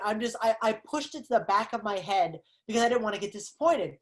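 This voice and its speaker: Podcast guest, woman, bit high voice, animated and analytical. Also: fast talker. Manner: animated, analytical, acts out reactions. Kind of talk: casual movie review chat.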